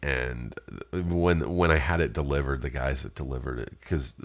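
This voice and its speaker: A man's voice: rumbling low, fairly even intonation, normal speed. A man telling a rambling personal story in a casual, profane way, with many fillers.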